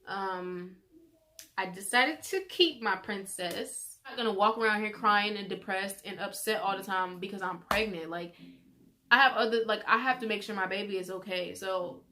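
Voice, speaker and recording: A teenage girl telling a personal story in a chatty vlog, animated as she quotes the people involved. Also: mid-range voice, normal speed, a little hiss or hum. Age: teens. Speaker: vlogger.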